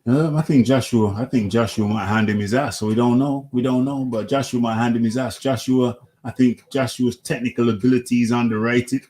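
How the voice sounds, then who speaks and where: A man's voice: medium pitch, fairly even intonation, brisk, hardly any pauses, mellow. A British man hosting a casual boxing talk show, repeating himself as he makes emphatic points. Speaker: boxing podcast host.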